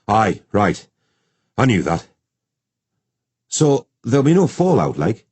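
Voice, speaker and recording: A man's voice: on the low side, wildly swooping pitch, takes it slowly, a little mellow, slightly rough, no room sound, voice pushed up, full character voice. A man doing a naive eager cop. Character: young Geordie male cop, eager and naive.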